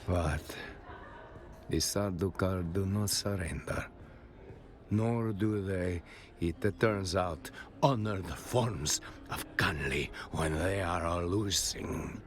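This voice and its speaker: A gruff Italian-accented old soldier. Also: male voice, deep voice, takes it slowly. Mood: somber. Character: gruff male veteran soldier turned bar bouncer. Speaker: non-player character in a video game. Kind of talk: video game voice acting.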